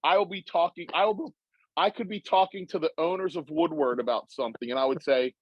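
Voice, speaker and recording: A man's voice: a little high, quick pace, breathy edge, lo-fi sound. A man telling stories in a casual podcast chat, slipping into impressions of other people. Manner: animated, breaks into put-on voices and laughs. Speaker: podcast guest.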